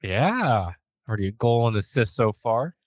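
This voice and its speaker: An American man hosts a podcast in casual chat, rambling a bit and using fillers. His medium-pitched voice swings widely in pitch, at normal speed, with no echo.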